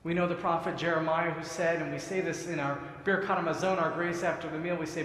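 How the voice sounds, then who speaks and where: A rabbi delivers a sermon in a conversational, storytelling manner, with a slightly high voice. His words ring out with the long reverb of a large sanctuary. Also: fairly even intonation, fast, hardly any pauses, fairly bright tone, a little hiss or hum. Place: synagogue sanctuary.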